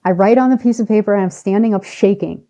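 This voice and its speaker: Speaking at a medium pitch, this podcast guest recounts something from her own life in lively, forceful conversation, shifting her pace faster or slower for dramatic effect.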